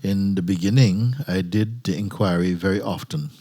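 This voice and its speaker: Low-voiced man telling a story with laughter. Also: normal speed, warm tone, breathy edge. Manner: non-native phrasing, frequent fillers and restarts. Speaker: spiritual teacher. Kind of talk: informal satsang talk and storytelling. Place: retreat gathering with listeners.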